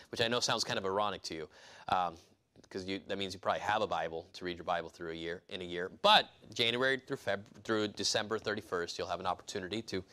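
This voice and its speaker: A man's voice: fairly low pitch, bright, forceful tone. A middle-aged man preaching a sermon to his congregation, conversational, with emphatic rises. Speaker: pastor.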